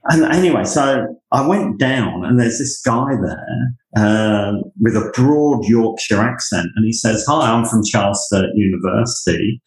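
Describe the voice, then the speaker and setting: Lowish voice, storytelling guest. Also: male voice, a little slow, reverberant, rough recording. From United Kingdom. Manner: animated anecdotes, acts out quoted voices. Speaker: guest, university leader. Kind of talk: storytelling in conversation.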